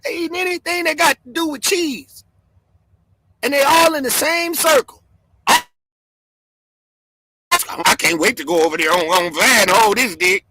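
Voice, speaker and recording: Excitable high-voiced man ranting loudly. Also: moderate pace, pauses often, no echo, poor audio. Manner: loud, excitable, swings between shouting and mumbling, laughs often. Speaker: livestream host. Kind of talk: animated livestream rant.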